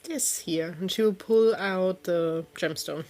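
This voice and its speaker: A woman's voice: on the low side, slow pace, a little mellow, soft background music. A woman player in a tabletop role-play, speaking in character with some hesitation.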